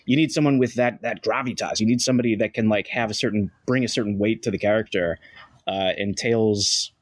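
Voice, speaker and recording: A man's voice: on the low side, fairly even intonation, a little fast, no room sound. Give me a man rambling casually as a podcast co-host, with a dry sound. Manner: chatty, joking, trails off with fillers.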